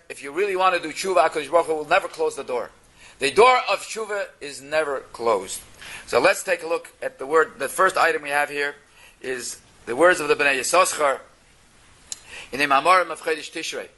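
Man, Torah teacher, high bright voice, reads and translates texts, rhetorical questions. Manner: reads Hebrew phrases then translates into English; explanatory, asks rhetorical questions. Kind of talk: text-based religious class.

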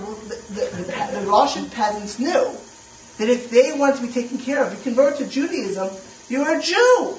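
A man's voice: very high-pitched, expressive, moderate pace, a little hiss or hum. A man giving a history lecture, emphatic and repeating key points for the class. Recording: echoey room, distant muffled mic.

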